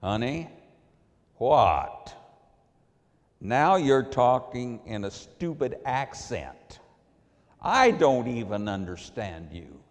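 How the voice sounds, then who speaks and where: A chiding, matter-of-fact wife who is fed up with her husband's antics, as a man quotes her during a sermon. It comes in a slow, middle-pitched voice that rings out in a long, reverberant hall. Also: very animated. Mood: exasperated.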